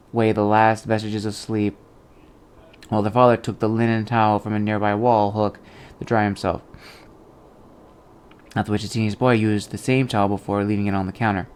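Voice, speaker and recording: A man reads a fantasy novel aloud for his book channel. His voice is lowish and smooth, and his delivery stays steady and measured, with the odd slip and restart.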